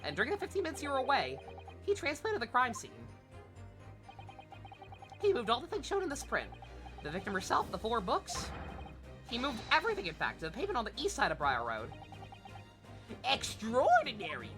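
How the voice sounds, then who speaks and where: A woman's voice: fairly high pitch, huge pitch swings, a little fast, pauses often, over music. A woman hosting a let's play, reading game dialogue and tossing in sarcastic, playful asides.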